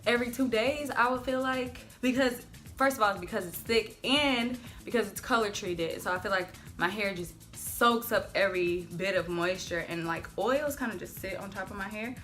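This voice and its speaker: A woman vlogging at home as she unboxes hair products, chatty and gushing with excitement. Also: medium pitch, normal speed. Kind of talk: casual unboxing vlog. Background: faint background music.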